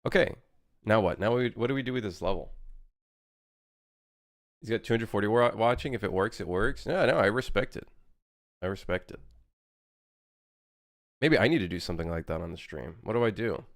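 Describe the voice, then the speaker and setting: A young native French-speaking man rambles and jokes with his live-stream chat as he works on a game level. His voice sits low and deep. The sound is dry and close, with no room around it. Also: animated, a little fast, long pauses, no echo. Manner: rambling, joking, answers chat while working.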